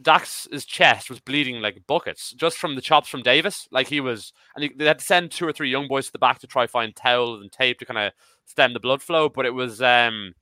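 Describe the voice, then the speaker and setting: A man of about thirty chatting as a podcast panelist, excitable and swearing casually. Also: medium pitch, moderate pace, dry recording. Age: 30s. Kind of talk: casual chat.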